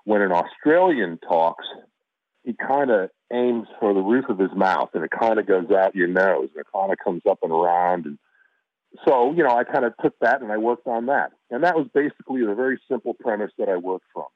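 A man's voice: fairly low pitch, animated, brisk, dry recording. A man from Chicago, an actor being interviewed, telling stories casually and rambling with fillers and restarts over a call. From Chicago, USA. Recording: tinny phone-like line.

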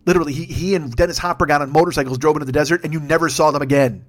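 A man's voice: fairly high pitch, fairly even intonation, rapid-fire. A middle-aged man hosting a podcast, delivering an angry, profane political rant and mocking opponents in put-on voices. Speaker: podcast host.

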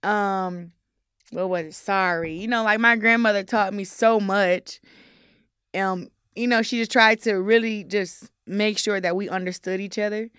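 A young woman giving a candid interview, talking haltingly with many fillers. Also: mid-range voice, steady tone, a bit bright, clean tone, no room sound, clean studio sound. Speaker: interview guest. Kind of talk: casual interview talk.

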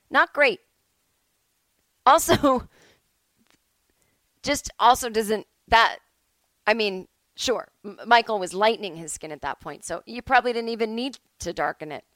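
Woman, podcast host, casual solo chat, rambling, self-interrupting, mid-pitched, dry room. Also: lively intonation, unhurried, pauses often, fairly bright tone, no echo, poor audio. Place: at home.

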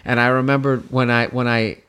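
A man, a stand-up comedian, telling a long story in casual conversation, swearing freely and jumping up high in pitch when he quotes people. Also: fairly quick, clean tone. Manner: animated, profane, jumps in pitch when quoting people.

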